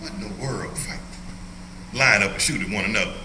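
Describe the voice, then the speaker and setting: A man's voice: on the low side, brisk, bright, forceful tone, roomy sound, a little hiss or hum, low-quality recording. An older man leading an informal Bible study as a pastor, joking and laughing often as he teaches. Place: church hall.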